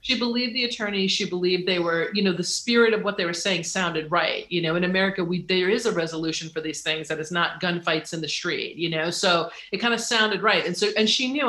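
Bright, lively author telling stories. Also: medium pitch, fairly quick, hardly any pauses, roomy sound. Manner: lively, acts out quoted voices, laughs often. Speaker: author, interview guest. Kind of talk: animated storytelling in conversation.

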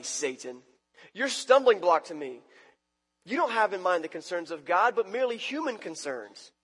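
A man with a high, husky voice preaches a casual, conversational sermon. He acts out quotes, swinging from loud outbursts to quiet asides. His voice rings through the long reverb of a church hall. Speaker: pastor.

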